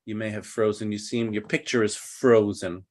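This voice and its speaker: A man teaching an online English class over a video call, explaining slowly and patiently. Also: lowish voice, steady tone, darkish tone. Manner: patient, slow, deliberate explaining.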